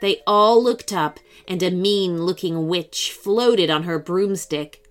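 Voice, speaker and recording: Slow, expressive woman storyteller. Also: lowish voice, soft background music. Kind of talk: children's story narration.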